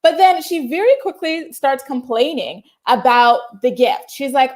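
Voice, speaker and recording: A woman hosting a relaxed video-call chat, her voice sitting high and bright. She talks in an upbeat, chatty way, filling her sentences with likes and ums. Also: measured pace, few pauses. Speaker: host. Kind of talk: casual chat.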